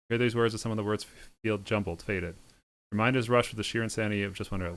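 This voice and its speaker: A man reading a visual novel aloud with sardonic, deadpan asides. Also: on the low side. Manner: sardonic, quick deadpan delivery with snarky asides. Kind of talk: reading game text aloud with comic asides.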